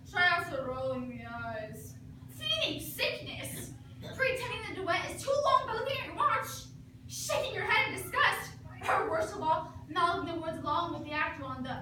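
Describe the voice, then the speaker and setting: Very high, lively woman in echo. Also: noisy background. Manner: mock-serious narration, animated. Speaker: comedy performer. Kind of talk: mock instructional comedy skit. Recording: echoey room, mic far off.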